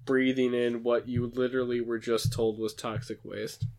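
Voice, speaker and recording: A man co-hosting a podcast, recapping a film in a casual, joking chat with quick asides. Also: mid-range voice, level tone, gravelly, a little mellow.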